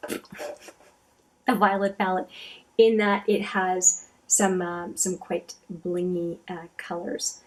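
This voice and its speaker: A woman hosting a casual makeup swatching vlog, chatty and thinking aloud, often correcting herself as she goes. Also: medium pitch. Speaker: beauty vlogger.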